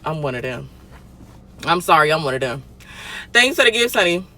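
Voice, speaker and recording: A young woman hosting a casual livestream chat. She talks bluntly and swears freely, and her volume swings between loud and quiet. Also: low-pitched, sing-song, moderate pace. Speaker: livestream host.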